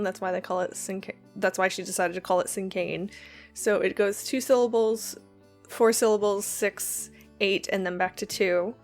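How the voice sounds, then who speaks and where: A woman who reads a poem softly, sinking into whispers at the line ends, then explains it in a chatty way with quick asides and ums. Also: medium pitch. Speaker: poetry reader and lecturer.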